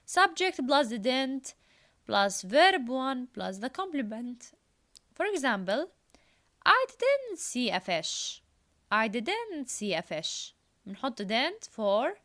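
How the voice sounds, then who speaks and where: A woman's voice: on the high side, big pitch swings, measured pace, a bit bright. A woman, an Arabic speaker, teaching an English lesson. She reads the exercises aloud, repeats key phrases and explains grammar in Arabic. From Jordan. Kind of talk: recorded classroom lesson.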